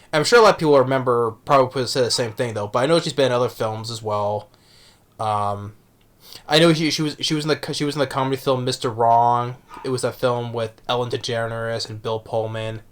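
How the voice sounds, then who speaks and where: A man talking casually as a movie reviewer, halting with many restarts and fillers. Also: mid-range voice, a bit bright. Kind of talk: casual vlog talk.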